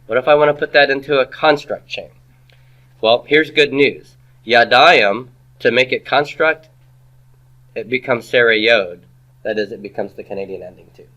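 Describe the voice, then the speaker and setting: A man's voice: medium pitch, normal speed, bright, forceful tone, muffled recording. Man teaching a grammar class. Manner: patient, asks the class questions and repeats answers. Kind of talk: classroom lecture.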